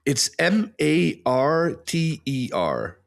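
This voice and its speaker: Dutch-speaking man with a lively, halting voice. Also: fairly high pitch, creaky. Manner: halting, repeats words while searching for English. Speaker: podcast guest. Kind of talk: casual chat.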